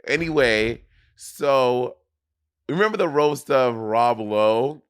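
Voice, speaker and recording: A man's voice: medium pitch, slow, clear, resonant tone, no room sound, studio quality. A man from Saint Lucia, co-hosting a podcast in casual chat, rambling with many restarts and trailing off. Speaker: podcast co-host.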